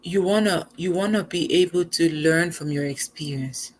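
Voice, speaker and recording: A young woman giving a casual motivational talk as host, animated and conversational. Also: lowish voice, moderate pace, slight background noise. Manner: animated, conversational, acts out quoted lines.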